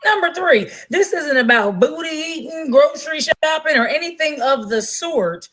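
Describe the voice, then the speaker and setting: A woman hosting a gossip podcast, talking in an animated, blunt and profane way. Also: high-pitched, normal speed, poor audio. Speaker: podcast host. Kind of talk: casual gossip commentary.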